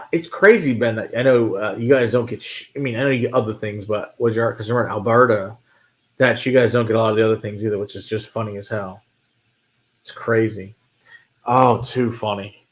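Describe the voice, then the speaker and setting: A man from Texas with a Texan accent, co-hosting a whiskey show in relaxed, joking chat and swearing freely. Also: lowish voice, moderate pace. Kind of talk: casual chat.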